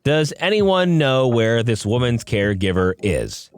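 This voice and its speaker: Loud, deadpan man with mock concern, read by the narrator. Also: mid-range voice, measured pace, soft background music. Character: calm, deadpan man shutting down a rude shopper.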